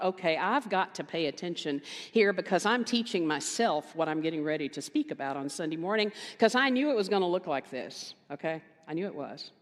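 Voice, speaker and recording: A woman minister giving a conversational sermon, telling a story with animated quoted voices and emphatic repetition. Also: on the low side. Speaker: guest minister. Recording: reverberant hall.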